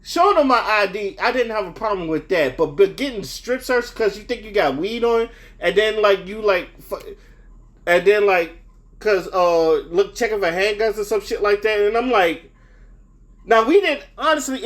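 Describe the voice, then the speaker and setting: A man's voice: sits high, moderate pace, a bit bright. A young man telling a story in a casual, rambling way, swearing freely and sounding heated. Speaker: vlogger.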